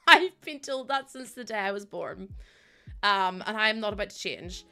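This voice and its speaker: Bright, chatty Northern Irish woman. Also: medium pitch, animated, moderate pace. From Northern Ireland. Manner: chatty and rambling, laughs often, talks to viewers. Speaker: streamer. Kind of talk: casual live-stream chat while building in a game.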